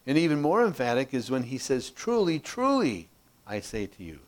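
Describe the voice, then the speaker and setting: A man's voice: medium pitch, animated, fast talker, darkish tone. A man teaching a verse-by-verse Bible study, explaining passages and often checking in with "okay?", reading verses aloud with rising emphasis.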